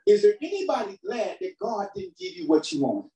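A man preaching a sermon as pastor, calling for responses from the congregation and swinging between shouted emphasis and quiet, low asides. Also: huge pitch swings, a little fast, gravelly. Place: church hall. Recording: roomy hall sound from a distant mic.

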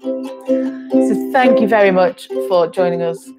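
A woman leading a gentle sensory music session at home, soothing and encouraging with frequent ums. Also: medium pitch, slow.

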